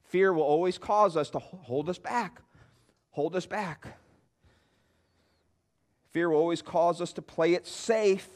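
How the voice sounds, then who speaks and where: A man preaching a sermon as pastor, emphatic and repetitive, with bursts that rise in force. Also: sits high.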